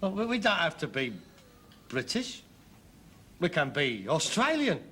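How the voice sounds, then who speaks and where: A man's voice: a little high, sing-song, unhurried, pushed and bright, full character voice. An actor playing a restless middle-aged son in a sitcom, mocking his father by mimicking an Australian accent. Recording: old television soundtrack with background noise.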